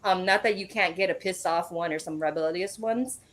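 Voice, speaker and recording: A woman guest, a medium, telling a personal story in a casual interview, animated and sprinkled with swearing. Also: on the low side, a little fast.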